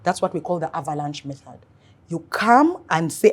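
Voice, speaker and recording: Female financial coach, husky, earnest interview delivery. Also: low-pitched, moderate pace. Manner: earnest, animated storytelling. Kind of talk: interview advice talk.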